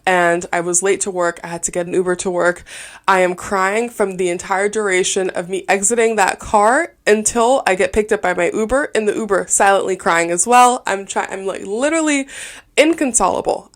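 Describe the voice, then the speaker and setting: A woman's voice: mid-range voice, normal speed. A woman in her twenties hosting her own podcast, telling personal stories in a chatty, candid way full of fillers. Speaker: podcast host. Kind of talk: casual solo podcast talk.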